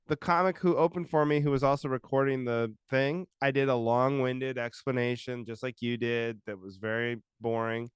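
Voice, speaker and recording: A man's voice: medium pitch, steady tone, normal speed, few pauses, clean tone, no room sound, studio quality. A man co-hosting a podcast, a comedian telling wry, exasperated stories in casual chat.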